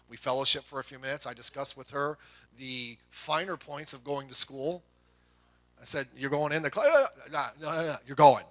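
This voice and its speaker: A middle-aged man preaching a sermon to a congregation, telling folksy family stories with quick asides. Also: mid-range voice, fairly bright tone. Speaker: pastor.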